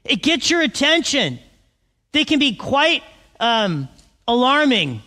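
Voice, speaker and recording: Animated high-voiced pastor preaching. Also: male voice, slow pace, long reverb tail. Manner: animated, asks the congregation questions. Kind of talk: sermon.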